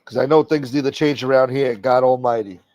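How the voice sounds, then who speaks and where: Profane, rambling livestream host. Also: male voice, medium pitch, fairly even intonation, a little fast, a little mellow, no room sound. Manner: rambling, profane, reads chat aloud. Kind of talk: casual livestream chat.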